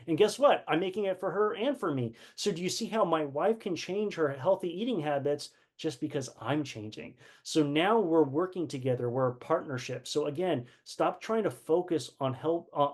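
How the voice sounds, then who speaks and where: Earnest male leadership teacher, slightly high-pitched, animated storyteller. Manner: earnest, repeats words, acts out quoted dialogue. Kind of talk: personal teaching talk.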